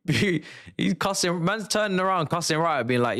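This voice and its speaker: Watching a football match live with his audience, a man reacts in slangy, excitable bursts, mumbling one moment and yelling the next. He speaks at a moderate pace in a fairly high voice.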